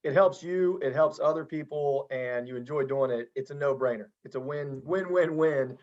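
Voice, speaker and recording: A man's voice: fairly high pitch, moderate pace, darkish tone, highs cut off. A man hosting a casual podcast interview as a football coach, earnest and encouraging, often restarting his sentences.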